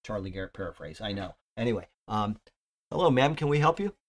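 A man's voice: lowish voice, sing-song, a little fast, slight background noise. A man giving a loose, conversational Bible teaching, rambling with fillers and restarts. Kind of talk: casual Bible teaching talk.

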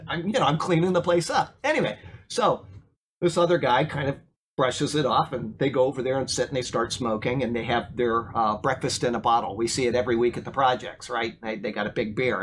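A man's voice: mid-range voice, a little hiss or hum. A man preaching an informal sermon, telling a story and asking the congregation questions. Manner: storytelling, asks the room questions, repeats words when excited. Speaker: pastor.

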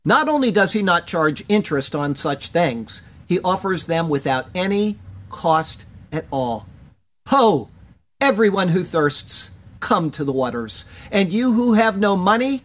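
Working verse by verse through scripture, a Bible teacher speaks with a mid-range, fairly bright voice and a slow, deliberate rhythm. He emphasizes key words and pronounces Hebrew phrases with care between the readings.

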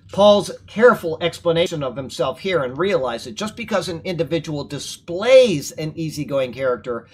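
A man's voice: fairly high pitch, slight background noise. A man leading a Bible study, reading verses aloud and explaining them point by point.

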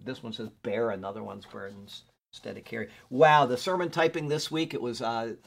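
A pastor leads a Bible study in a brisk, mid-range voice with vocal fry. He chats casually and drifts off topic while looking up verses, then reads scripture aloud with emphasis.

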